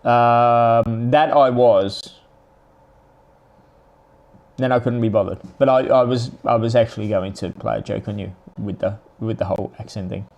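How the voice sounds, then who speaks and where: A man's voice: mid-range voice, fairly even intonation, vocal fry, darkish tone, lo-fi sound. Aussie guy chatting on a live stream, rambly, keeps restarting sentences. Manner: rambling, halting, with many restarts. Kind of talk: casual chat answering viewers.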